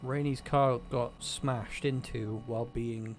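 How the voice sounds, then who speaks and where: A man's voice: mid-range voice, fairly even intonation, slow pace, soft background music. A man on a stream, chatting casually and ranting wryly about everyday gripes. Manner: ranting, wry. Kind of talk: casual chat.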